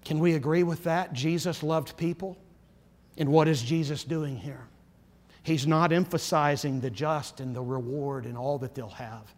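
A man's voice: steady tone, measured pace. Earnest preaching man, echoing hall. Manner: earnest preaching, dropping to low solemn emphasis. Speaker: pastor. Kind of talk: sermon.

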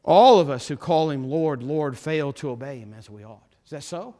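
A man preaching a sermon as pastor, impassioned, repeating phrases and building to forceful emphasis. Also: a little high, lively intonation, moderate pace.

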